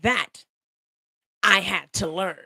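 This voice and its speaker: Young woman, live stream host, bright ringing voice, dry close phone sound, animated, laughing, repeats herself for emphasis. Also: medium pitch, slow pace, gravelly, slightly rough, dry recording. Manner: animated, laughs often, greets viewers by name, repeats phrases for emphasis. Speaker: livestream host. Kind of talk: casual motivational live stream talk.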